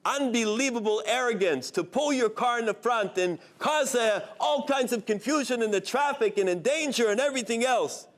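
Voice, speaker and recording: A man voicing a hot-tempered male truck driver who yells and rants in a told story. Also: extremely high pitch, expressive, normal speed, hardly any pauses, pitched above the performer's own voice. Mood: furious. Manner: yelling, ranting.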